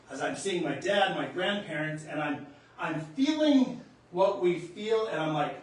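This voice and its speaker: A man in his sixties from North Dakota, USA, hosts a podcast and tells a personal spiritual story, earnest and emotional, sometimes gasping in awe. His voice is fairly high, expressive, and unhurried, recorded in an echoey room far from the mic.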